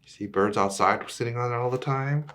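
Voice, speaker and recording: A man's voice: mid-range voice, brisk, a bit bright. A man reading a picture book aloud to children, often stopping to ask the listener questions. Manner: asks the young listener questions. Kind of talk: children's story read-aloud.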